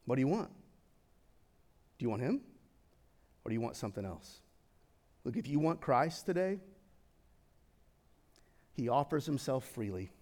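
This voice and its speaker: A young man preaching a sermon in a casual, conversational way, swinging from excited to hushed and solemn. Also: medium pitch, moderate pace, long pauses. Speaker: pastor.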